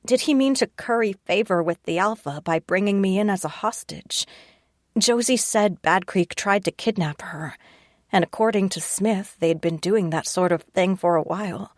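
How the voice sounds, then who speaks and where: A woman's voice: medium pitch, moderate pace, no echo. A woman reading a first-person audiobook narration with a tense, wry inner voice, close to a studio mic.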